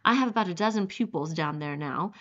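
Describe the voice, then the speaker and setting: A woman's voice: fairly low pitch, lively intonation, brisk, fairly bright tone, highs cut off. Woman reading as a smug, cruel aristocratic general. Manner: polished, smug, condescending. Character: suave, cruel aristocratic male general who hunts men. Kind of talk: audiobook character reading.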